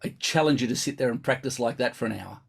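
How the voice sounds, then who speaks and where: A man's voice: medium pitch, quick pace, creaky, background noise. A man teaching brass in a live online lesson, chatty and instructive, thinking aloud as he explains.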